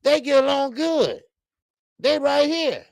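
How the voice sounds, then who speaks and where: A man hosting a casual boxing talk stream, animated and profane, rambling through stories, laughing and answering the chat. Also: very high voice, slow pace, creaky, dry recording. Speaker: boxing talk show host. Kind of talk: casual live-stream commentary.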